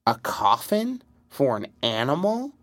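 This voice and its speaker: A man's voice: medium pitch, big pitch swings, a little slow, fairly bright tone, no echo, voice pushed up. A man voicing an ungrateful young count who speaks with dismissive scorn. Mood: scornful.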